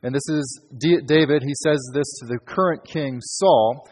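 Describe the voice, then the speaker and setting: Male pastor, husky voice, conversational emphatic sermon, long hall echo. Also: fairly high pitch, moderate pace, a little mellow. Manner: conversational, emphatic preaching with fillers.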